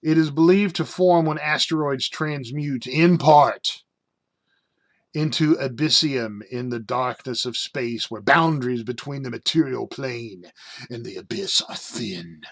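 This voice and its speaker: A man's voice: mid-range voice, a little slow. A man casually reviewing a game rulebook, reading passages aloud and breaking off into rambling jokey asides full of fillers.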